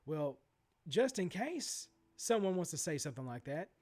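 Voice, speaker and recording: A man's voice: on the high side, normal speed. A man in his forties ranting in a vlog about sports card prices, swearing freely and going off on asides and restarts. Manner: animated, profane ranting with many asides and restarts. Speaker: sports card collector vlogger.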